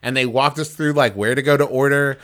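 A man co-hosting a comedic podcast, talking in a deliberate, dry deadpan. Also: medium pitch. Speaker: podcast co-host. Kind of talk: casual comedic chat.

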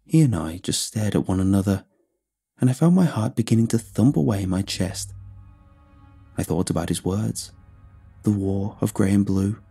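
A man narrating a scripted horror story in a steady, measured way. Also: on the low side, vocal fry, breathy edge, faint music behind.

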